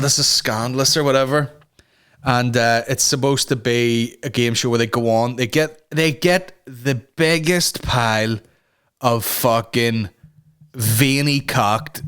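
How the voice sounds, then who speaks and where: A podcast host with a medium-pitched, fairly bright, clean-sounding voice rants casually on his comedy show. He swears a lot, rambles into asides, and slips into mock voices.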